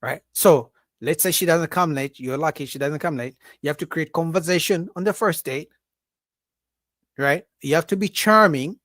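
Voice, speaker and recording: Man, livestream host, casual opinion rant, repetitive and emphatic, fairly high voice, dry close sound. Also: normal speed, dry recording. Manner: animated, acts out women's voices in a high mocking pitch; repetitive, emphatic, asks "right?".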